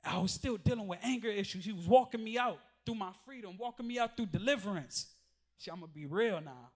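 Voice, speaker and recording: Very high-voiced man giving impassioned testimony. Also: expressive, a little fast, darkish tone. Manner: impassioned, repetitive preaching cadence. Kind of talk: emotional church testimony. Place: church gathering before an audience.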